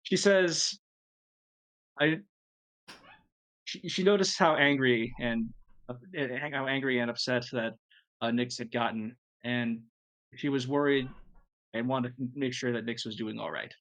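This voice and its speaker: A man's voice: mid-range voice, a little slow, long pauses, fairly bright tone. A man narrating as game master, often restarting his sentences in a reassuring way.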